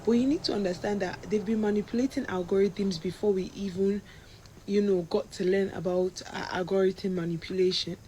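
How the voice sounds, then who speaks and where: A woman's voice: mid-range voice, fairly even intonation, fairly quick, warm tone, slight background noise, rough recording. A woman from Nigeria who moved abroad, earnestly explaining her view in a reflective commentary.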